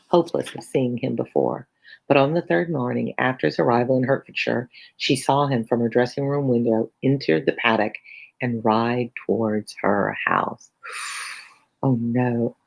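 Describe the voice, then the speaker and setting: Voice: mid-range voice, normal speed, gravelly, breathy edge, rough recording. A teacher reading a novel aloud on a live stream, breaking off for chatty asides to viewers. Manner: chatty asides between passages.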